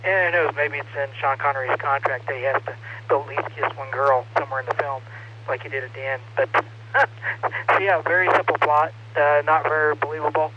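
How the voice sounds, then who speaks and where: Man, ham radio check-in, hesitant and easygoing, slightly high voice, dull lo-fi radio sound, heavy static. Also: a little fast. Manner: relaxed, hesitant, many fillers. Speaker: ham radio net participant. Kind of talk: casual on-air chat over radio. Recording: muffled radio audio with loud static.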